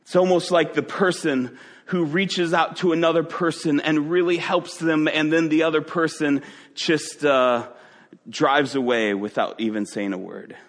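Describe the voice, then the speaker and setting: A man preaching a sermon, telling a Bible story vividly with dramatic pauses. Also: on the high side, fairly even intonation, long reverb tail.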